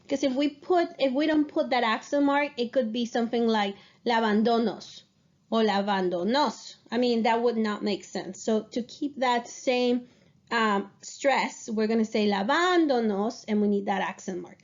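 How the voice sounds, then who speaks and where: Higher-pitched woman teacher, patient explanations, dull lo-fi sound. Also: steady tone, moderate pace. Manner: explains patiently, checks in with students. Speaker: Spanish teacher. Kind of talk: classroom grammar lesson.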